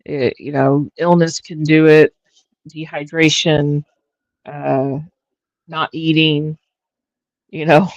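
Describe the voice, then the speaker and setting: A woman hosting a livestream, chatting casually in a halting way with frequent restarts and fillers. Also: low voice, flat delivery, no room sound, lo-fi sound. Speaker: livestream host. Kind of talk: casual chat.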